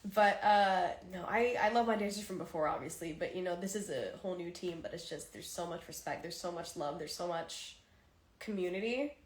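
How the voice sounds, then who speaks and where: A woman's voice: fairly low pitch, fairly quick. A woman hosting a casual livestream chat with fans, emotional and tearful, sighing often and speaking candidly into a phone. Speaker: livestream host talking to fans. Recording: roomy echo.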